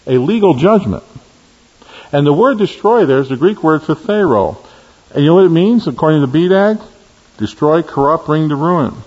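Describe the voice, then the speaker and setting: A man preaching a sermon, emphatic, swinging from stressed high peaks to low, quiet key words. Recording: lo-fi recording in a reverberant hall.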